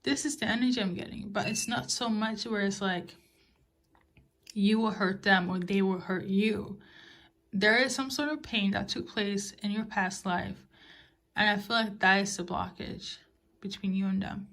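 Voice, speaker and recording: A woman doing a tarot-style card reading for her viewers, at an ordinary middle pitch. She muses softly and loosely, with fillers and gentle little check-ins. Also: normal speed. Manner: soft, musing, with fillers and gentle reassurances. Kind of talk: casual spoken oracle reading.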